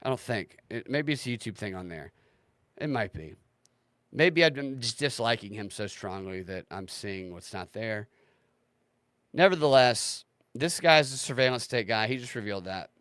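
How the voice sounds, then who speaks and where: A man's voice: medium pitch, expressive, moderate pace, a bit bright, dry recording. A man hosting a livestream, talking casually in a sarcastic, ranting way and swearing freely. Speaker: livestream host.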